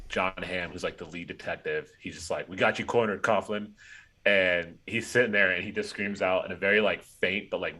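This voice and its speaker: A man's voice: deep voice, bright, forceful tone. A man chatting casually on a podcast, rambling with lots of fillers while retelling a movie scene. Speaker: podcast co-host. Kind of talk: casual chat.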